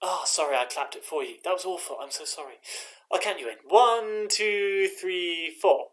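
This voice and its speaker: A man's voice: a little high, fast, fairly bright tone, slight background noise. A man leading an online choir rehearsal from his living room, chanting rhythm syllables, counting in and encouraging the singers. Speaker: choir director.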